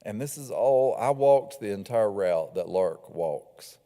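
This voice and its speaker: Low-voiced author speaking in an echoey hall. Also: male voice, takes it slowly. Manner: relaxed and conversational, with fillers. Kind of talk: author talk and book reading. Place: lecture hall.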